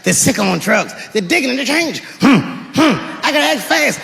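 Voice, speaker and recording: A male stand-up comic tells a story on stage in a high voice that leaps all over the place, shouting his punchlines. The sound echoes through a large live room with audience noise underneath. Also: sing-song, moderate pace, gravelly. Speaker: stand-up comedian. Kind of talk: stand-up comedy set.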